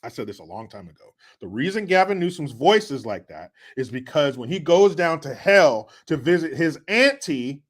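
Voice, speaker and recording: A man's voice: a little high, big pitch swings, normal speed, few pauses. Sarcastic man hosting a commentary stream. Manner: sarcastic, mocking, swings from loud to muttered. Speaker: show host reading viewer comments. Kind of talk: casual political commentary livestream.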